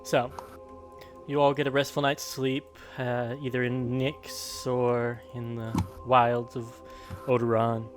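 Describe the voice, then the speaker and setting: Relaxed young man in casual banter. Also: medium pitch, takes it slowly, faint music behind. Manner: relaxed, rambling, chuckles. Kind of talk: casual chat.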